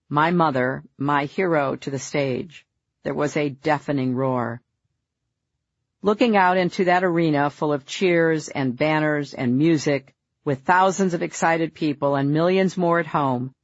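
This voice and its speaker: A woman reading her own memoir aloud in a measured, earnest, reflective way. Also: low-pitched, dry recording, dull audio. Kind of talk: memoir audiobook narration.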